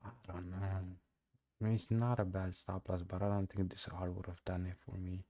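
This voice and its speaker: Low, dark-toned young man, non-native English, laid-back live trading talk. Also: little pitch movement, moderate pace. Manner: casual and slangy, often says "bro". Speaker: day trader streaming live. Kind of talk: casual live trading commentary.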